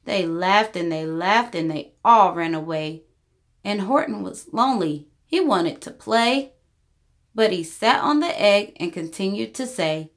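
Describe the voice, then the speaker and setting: A woman storyteller reading a rhyming children's story aloud, with expressive narration. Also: mid-range voice, measured pace.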